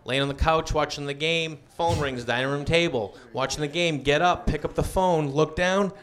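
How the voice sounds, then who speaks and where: A man's voice: on the high side, moderate pace, fairly bright tone. A man doing stand-up storytelling on a comedy club stage, acting out the voices in his story.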